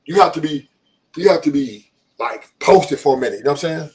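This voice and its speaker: A man's voice: on the high side, fairly quick, a little mellow, far from the mic. A man with a Los Angeles accent, a podcast guest talking casually in a streetwise, emphatic way and often repeating himself.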